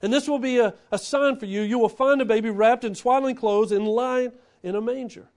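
A man preaching a sermon, who swings between loud, animated bursts and hushed, quiet lines. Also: very high voice, brisk. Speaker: pastor.

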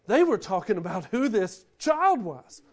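A man preaching a sermon, who swings between loud, animated bursts and hushed, quiet lines. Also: high-pitched, unhurried. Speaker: pastor.

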